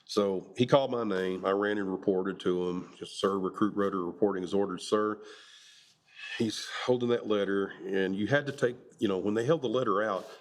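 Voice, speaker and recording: A middle-aged man from Kentucky recounts his Marine days in an oral history interview. He has a fairly low voice and tells his anecdotes in a relaxed, chuckling way. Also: brisk, few pauses. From Kentucky, USA.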